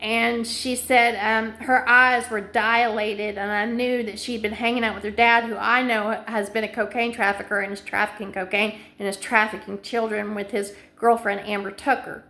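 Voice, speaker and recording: A woman's voice: a little high, flat delivery, moderate pace, few pauses, bright, forceful tone. A middle-aged woman in a rambling monologue to camera, stringing long chains of clauses together in an anxious, insistent way. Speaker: vlogger.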